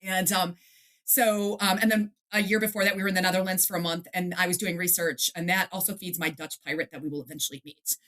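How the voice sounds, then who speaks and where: A middle-aged woman from the Detroit area, an author chatting in an interview, lively and quick to act out quotes and laugh. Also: lowish voice. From Detroit area, USA. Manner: animated storyteller, acts out quotes, laughs often. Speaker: author and guest. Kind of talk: casual interview chat.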